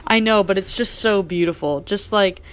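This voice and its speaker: A woman's voice: medium pitch, moderate pace, slight background noise. A young woman co-hosting a podcast, chatting casually and gushing over a TV episode while acting out quoted lines. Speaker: podcast co-host. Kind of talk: casual chat recapping a TV episode.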